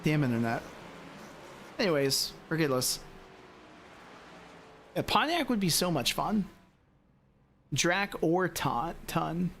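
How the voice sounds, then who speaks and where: A man's voice: a little high, sing-song, takes it slowly, long pauses, fairly bright tone, a little hiss or hum. A man streaming sim racing, chatting casually and rambling to his viewers with lots of fillers. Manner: rambling, talks straight to chat with lots of fillers. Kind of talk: casual live-stream chat.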